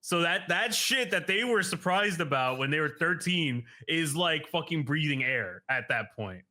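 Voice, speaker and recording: A man's voice: on the high side, expressive, moderate pace, pushed and bright. A man co-hosting a podcast in casual chat, arguing his point as devil's advocate. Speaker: podcast co-host.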